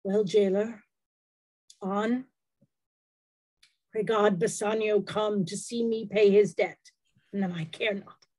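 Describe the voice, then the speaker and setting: A woman reading the part of a weary male merchant in an unrehearsed play reading, measured and grave. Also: mid-range voice, fairly even intonation, darkish tone, dry recording, rough recording. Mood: resigned.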